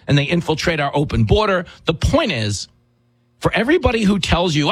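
A man's voice: high voice, sing-song, fairly quick, breathy edge, no echo, poor audio. A man hosting a talk show, delivering combative, rhetorical political commentary with mocking asides.

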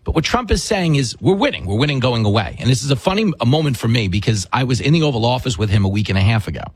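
Husky, combative male talk host. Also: medium pitch, lively intonation, very fast, dry recording, low-quality recording. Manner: combative, rhetorical, with mocking asides. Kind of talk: opinionated political commentary.

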